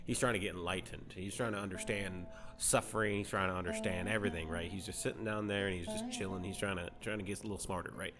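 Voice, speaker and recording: Easygoing chariot driver, matter-of-fact slang, played by a man, lowish voice. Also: steady tone, quick pace, hardly any pauses, music in the background, natural voice. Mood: unbothered. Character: laid-back male chariot driver.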